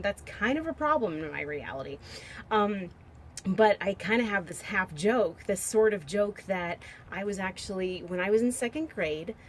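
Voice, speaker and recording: A woman's voice: on the low side, a little hiss or hum. Rambling, joking woman in her forties. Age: 40s. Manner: rambling, joking, half-serious storytelling; muses aloud while browsing pictures on screen. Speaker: vlogger. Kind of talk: casual monologue to camera.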